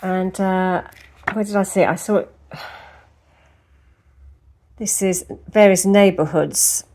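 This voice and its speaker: A woman's voice: medium pitch, steady tone, slow pace, mellow. Chatty woman vlogger rambling to camera. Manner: chatty and rambling, with asides to the viewer. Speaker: lifestyle vlogger. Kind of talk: casual chat to camera. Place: at home showing a book, later outdoors in a park.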